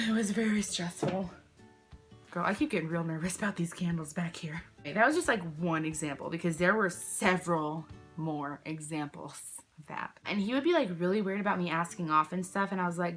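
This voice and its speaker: With soft music playing, a young vlogger tells a relaxed storytime at home by candlelight, speaking briskly in a fairly low, slightly bright voice. Her delivery wanders, full of fillers like "like," sidetracks, and self-interruptions, recorded on the camera she films with.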